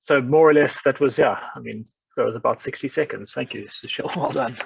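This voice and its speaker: Gravelly man hosting a video call. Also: medium pitch, brisk, dry recording. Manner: friendly, thanking participants. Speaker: workshop host. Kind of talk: online meeting facilitation. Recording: distant, dull, dry video call audio.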